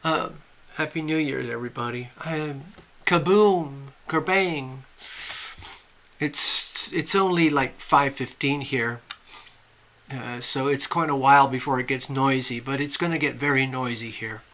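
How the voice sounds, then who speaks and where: A man's voice: mid-range voice, a little slow, bright, forceful tone. A man hosting a casual live stream, greeting viewers by name and rambling in a friendly, chatty way while he sets up at home. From USA. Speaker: livestream host. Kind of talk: casual live chat reading viewer comments.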